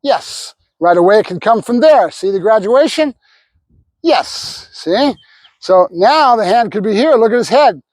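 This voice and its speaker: High-voiced dog trainer, dry close sound. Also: male voice, lively intonation, a little slow, darkish tone, no echo. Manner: explains while giving the dog short praise cues. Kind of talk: hands-on training demonstration.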